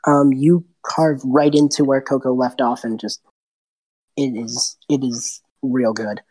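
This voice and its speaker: A woman's voice: extremely low pitch, steady tone, unhurried, warm tone, breathy edge. A woman running a tabletop game as game master, narrating loosely with laughs and fillers.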